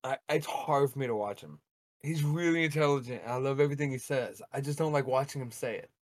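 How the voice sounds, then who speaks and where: A man's voice: mid-range voice, fast talker, no echo. A married man co-hosting a casual podcast, ranting animatedly and swearing freely. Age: adult, married. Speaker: podcast co-host.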